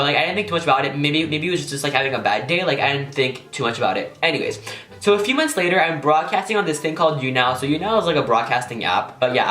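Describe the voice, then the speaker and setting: A man's voice: medium pitch, a bit bright. A young man telling a casual storytime vlog, rambling and swearing, with "like" in almost every phrase. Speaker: YouTuber. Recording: echoey room.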